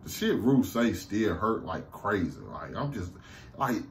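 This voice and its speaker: A man with a Southern American accent recapping a TV episode in a casual, excited, profane way, laughing often, slumped low in a seat at home. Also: a little slow, a little hiss or hum. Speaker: TV review vlogger.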